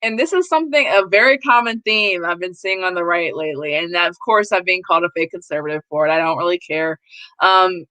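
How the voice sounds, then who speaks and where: Casting: woman host, bright and blunt, swears freely, dry close sound. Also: on the low side, brisk, no echo, poor audio. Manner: blunt, profane, animated. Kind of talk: casual political live stream chat.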